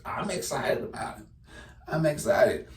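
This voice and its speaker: A man's voice: fairly high pitch, big pitch swings, a little slow, distant mic. A man giving a casual, chatty sports reaction, talking straight to the viewer. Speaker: sports commentator. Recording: echoey room, voice off-mic.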